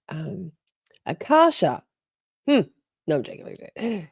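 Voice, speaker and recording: A woman's voice: medium pitch, sing-song, moderate pace, a little mellow, dry recording. A woman hosting a livestream, chatting casually, swearing and reacting to her chat. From Australia. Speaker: livestream host.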